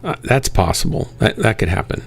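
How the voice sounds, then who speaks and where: Low-voiced man streaming a game. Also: sing-song, brisk, vocal fry. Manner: rambling, self-deprecating, chats with viewers. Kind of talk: casual live-stream chat while gaming.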